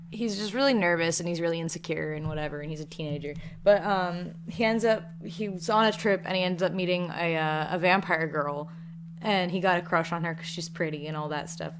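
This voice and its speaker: A woman's voice: fairly low pitch, a little hiss or hum. A woman with a Southern American accent casually answering viewer questions in a rambling, chatty way, laughing between thoughts. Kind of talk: casual Q&A chat.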